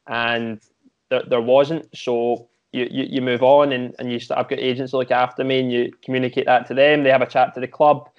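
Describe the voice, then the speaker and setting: Young Scottish man, halting chat. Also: mid-range voice, highs cut off. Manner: halting, many restarts and repeated words. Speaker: former footballer, podcast guest. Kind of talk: casual interview chat.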